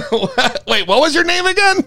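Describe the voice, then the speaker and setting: Brief: podcast host, man, high and lively voice, laughs a lot, slangy, swears. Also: normal speed, vocal fry. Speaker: podcast host taking calls. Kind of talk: casual chat.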